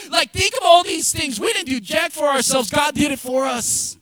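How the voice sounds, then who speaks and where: High-voiced male pastor preaching. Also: normal speed, hardly any pauses, no room sound. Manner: conversational and joking, rising to shouted emphasis. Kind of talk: sermon.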